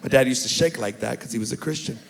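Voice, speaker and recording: A young man doing a stand-up comedy set on a club stage, talking animatedly and shouting out impressions of his family. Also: mid-range voice, fast talker, creaky, a crowd in the background, noisy background. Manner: animated, shouts and mimics family members in punchlines.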